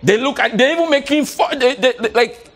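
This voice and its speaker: A man giving a motivational talk to a live audience as a coach. He is animated, laughs often, repeats words and coaxes the crowd to join in. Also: extremely high pitch, a little fast.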